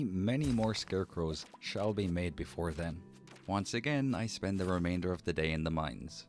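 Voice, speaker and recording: A young man narrating his gameplay in a deadpan, mock-formal comic way. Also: deep voice, normal speed. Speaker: gaming channel narrator. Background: faint game background music.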